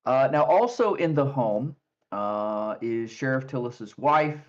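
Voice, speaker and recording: Relaxed male game master, lo-fi sound. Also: mid-range voice, slow pace. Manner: relaxed, filler-heavy narration. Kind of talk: narrating a tabletop game.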